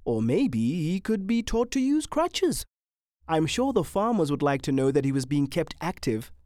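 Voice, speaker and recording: A reader voicing a gentle, soft-hearted wife who is squeamish but kind, with a high, animated, tender delivery. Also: female voice, moderate pace, dry recording, clean studio sound. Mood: fond, lively.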